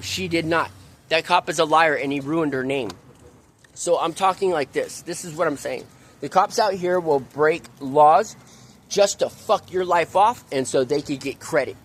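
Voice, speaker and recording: This man's voice is a little high with a fairly bright tone, and he's a vlogger ranting angrily in a park. His monologue is profane and repetitive, circling back to the same points between curses.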